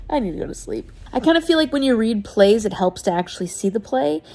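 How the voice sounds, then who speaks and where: A woman's voice: fairly high pitch, animated, normal speed, a little mellow. A young adult woman chatting casually to camera as a book vlogger, tired, laughing often and retelling loosely with restarts. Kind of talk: casual vlog chat to camera.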